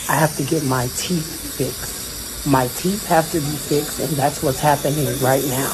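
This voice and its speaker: Man on a noisy phone livestream. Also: fairly high pitch. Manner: earnest and defensive, rambling with repetitions. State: emotional. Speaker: social media personality speaking on a livestream. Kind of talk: emotional livestream monologue. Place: dentist's office.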